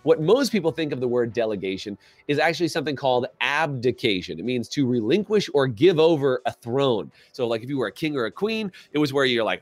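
With a medium pitch and a fairly quick delivery with hardly any pauses, a man co-hosts a business coaching podcast, animatedly acting out bits of dialogue and asking listeners for chat comments. There's no room sound and faint music behind him.

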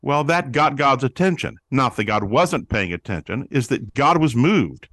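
Male guest, teaching-preacher delivery, animated quotes, dry close mic. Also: mid-range voice, normal speed, no room sound. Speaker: guest, pastor-author on prayer. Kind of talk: teaching interview answer.

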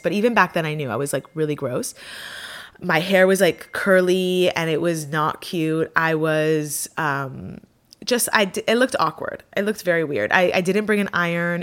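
Animated young woman telling a story. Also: on the low side. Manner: animated, frequent fillers, dramatic self-mocking. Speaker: vlogger. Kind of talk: casual storytelling.

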